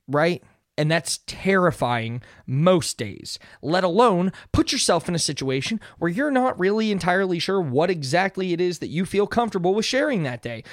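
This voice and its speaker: A man's voice: on the high side, no room sound, clean studio sound. A young man hosting a solo motivational podcast, talking earnestly and conversationally and often checking in with "right?". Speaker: podcast host.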